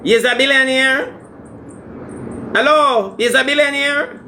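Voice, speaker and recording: A man playing a brash, demanding Jamaican woman in a comedy skit, talking in loud patois banter that moves between scolding and wheedling. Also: extremely high pitch, a little slow, a little hiss or hum, heavily acted. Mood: flirtatious.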